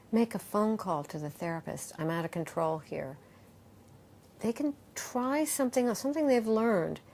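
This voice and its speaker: A middle-aged woman who teaches yoga speaks in a relaxed interview, her voice pitched right in the middle for a woman. She gets animated, slipping into quoted voices, then settles to guide slow calming breath work. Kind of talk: conversational interview, guiding exercises.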